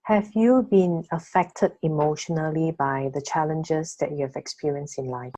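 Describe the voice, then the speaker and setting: A woman's voice: deep voice, normal speed, mellow, low-quality recording. A woman hosting an interview, asking questions and giving short listening sounds. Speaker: interviewer, show host.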